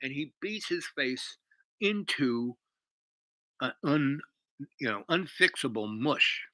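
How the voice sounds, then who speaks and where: A man's voice: mid-range voice, lively intonation, takes it slowly, pushed and bright, no echo, low-quality recording. A man casually retelling a story, rambling with many fillers and restarts. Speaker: host.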